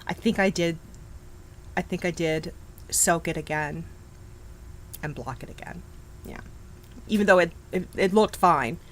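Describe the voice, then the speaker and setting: Speaking unhurriedly with long pauses, a middle-aged woman with a voice on the low side hosts a live knitting stream. The recording is rough, with slight background noise. She chats and reacts to viewers, laughing often and restarting frequently.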